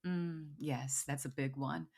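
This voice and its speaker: A woman hosting a podcast, speaking in a soft, musing way and often pausing to restart her thoughts as she reflects aloud. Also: low-pitched, fairly even intonation, creaky. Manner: soft-spoken, musing, trails off and restarts while thinking aloud. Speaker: podcast host. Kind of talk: reflective conversational interview.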